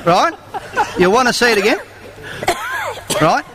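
A man's voice: extremely high pitch, sing-song, measured pace, poor audio. An Australian man with a cheeky, bawdy manner, leading an audience sing-along with comic stage patter at a live venue. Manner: cheeky, bawdy banter with the crowd.

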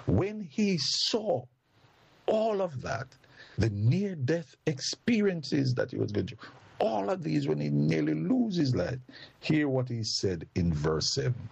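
Man, preacher, sermon, slow deliberate delivery, husky voice, lively pitch swings.

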